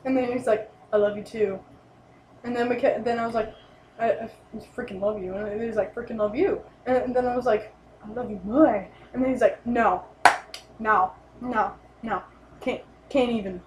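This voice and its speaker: A woman's voice: fairly high pitch, moderate pace. A young woman vlogger telling a story in a casual, rambling way, full of "like" and "and then". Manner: rambling, excited, lots of "like" and "and then". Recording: echoey room, light noise.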